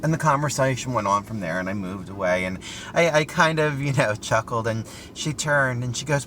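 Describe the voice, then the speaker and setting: A man's voice: mid-range voice, moderate pace, a little hiss or hum. A middle-aged man vlogging from a parked car, telling a story in an earnest, chatty way. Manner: chatty, earnest, lively with rhetorical questions. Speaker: style vlogger. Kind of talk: casual storytelling commentary. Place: inside a parked car outside a store.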